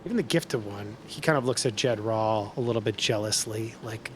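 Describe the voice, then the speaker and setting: A man's voice: lowish voice, normal speed, noisy background. A man as game master, narrating a tabletop game with loose, filler-heavy phrasing.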